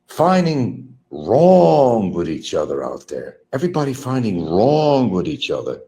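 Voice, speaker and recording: A middle-aged man ranting bitterly on a livestream, repeating himself, mocking others and swinging between low mutters and loud outbursts. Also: wildly swooping pitch, measured pace. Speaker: livestream host. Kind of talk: rambling livestream rant.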